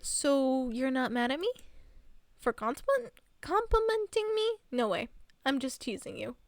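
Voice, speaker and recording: A gentle young dormouse companion from a visual novel, teasing but sweet, with a soft, reassuring way of talking, as a woman reads its lines. The voice sits high and light, recorded close and dry. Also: sing-song, a little slow, no room sound, heavily acted.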